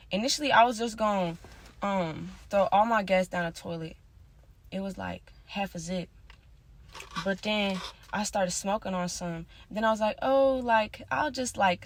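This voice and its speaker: A woman talking in a casual confessional monologue, rambling and slangy with constant fillers, drifting between soft mutters and louder bursts. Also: lowish voice. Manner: rambling, slangy, many "like" and "you feel me". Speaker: vlogger.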